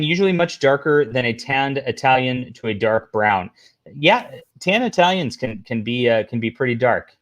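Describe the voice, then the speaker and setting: Man, livestream host, casual rambling commentary, sarcastic asides, mid-pitched voice. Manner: rambling, talks to chat, reads posts aloud.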